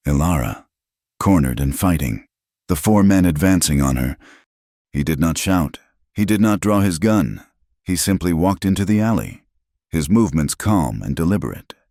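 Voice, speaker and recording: A man narrating a western story in a measured, solemn scripted delivery. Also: rumbling low, darkish tone, no room sound, clean studio sound.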